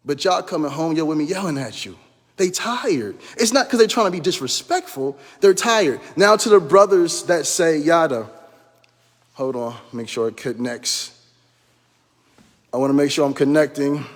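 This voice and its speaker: Middle-aged guy preaching to the brothers, voice sits high, long reverb on it. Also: lively intonation, normal speed. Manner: preaching, repeats phrases, calls listeners brother. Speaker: life coach and minister. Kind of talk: impassioned motivational talk.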